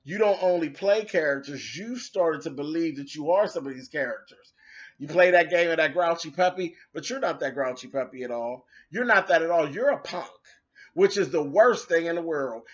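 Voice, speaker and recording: A man's voice: on the high side, fairly bright tone. A man ranting casually at someone online in a sassy, cutting way, with dramatic asides. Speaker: commentator. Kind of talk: casual rant video. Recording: dull lo-fi recording.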